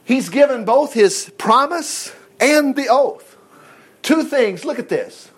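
A man preaching a sermon in an animated way, acting out the voices of churchgoers as he reads and explains scripture. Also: very high-pitched, slow, breathy edge.

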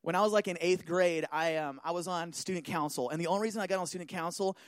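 High-voiced man telling a personal story. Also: fast, dry recording. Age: adult. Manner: animated, keeps checking in with listeners.

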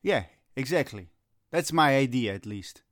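A man's voice: medium pitch, expressive, unhurried, fairly bright tone, dry recording. Brief: middle-aged male coach, brooding and theatrical, dry close sound. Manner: gloomy, melodramatic rants that flare into agitated Italian cursing. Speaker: youth soccer coach. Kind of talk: comedic sketch dialogue.

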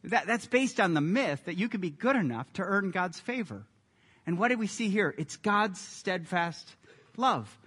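A man preaching a sermon as a pastor, earnest and emphatic, building to loud peaks. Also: high voice, lively intonation, moderate pace, slightly rough. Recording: echoey hall reverb.

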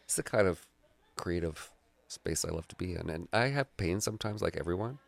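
A man's voice: low voice, expressive, fairly quick, gravelly, no room sound. A man speaking as a guest artist in a casual podcast conversation, reflective and searching for words.

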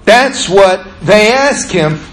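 A male pastor preaching a sermon with animated delivery, acting out the scripture. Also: sits high, slow, roomy sound.

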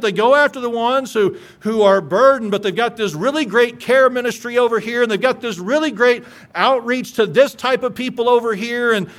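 A male pastor preaching a sermon in an earnest, conversational way that climbs into emphatic peaks. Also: high-pitched.

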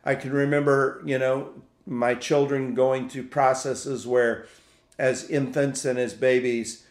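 A man preaching a sermon for a podcast in a reflective, halting way, often repeating words as he searches for the next thought. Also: mid-range voice, flat delivery, roomy sound. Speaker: pastor.

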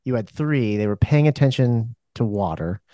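A man hosting an interview, putting a measured question to his guest with small fillers. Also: medium pitch, animated, warm tone, dry recording, studio quality. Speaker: podcast host.

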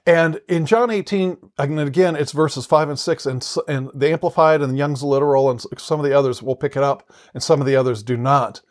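A man's voice: fairly high pitch, fairly even intonation, brisk, few pauses. A man teaching the Bible in an earnest, conversational way, often restarting and repeating words as he explains.

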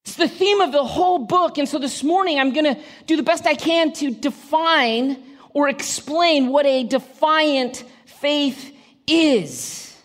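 In a church, a woman delivers a sermon in a high-pitched, fairly bright voice with lively intonation, speaking a little slowly. She addresses the congregation conversationally, asking them direct questions and adding dry humorous asides.

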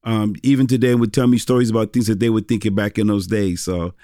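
Middle-aged pastor, rambling and dry. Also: male voice, lowish voice, flat delivery, quick pace, mellow, dry recording. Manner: rambling, many restarts and fillers. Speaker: pastor and former rapper. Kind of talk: casual interview storytelling.

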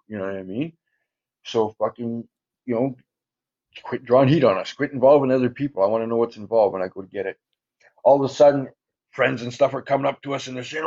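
A man's voice: mid-range voice, a little fast, a little mellow, muffled recording. A man telling a long story in casual chat, swearing constantly, using street slang and rambling through fillers.

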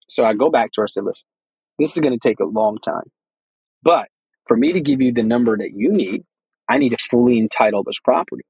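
A man with a slightly husky voice tells his story in a relaxed interview. He rambles a little and slips into quoted dialogue as he goes. The sound is dry and close. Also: mid-range voice, dry recording, rough recording. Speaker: guest, real estate investor.

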